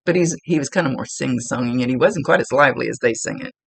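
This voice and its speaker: A woman's voice: a bass voice, quick pace, vocal fry, slightly rough, no echo. A woman working as a psychic medium, chattily relaying spirit messages in a casual reading and laughing now and then.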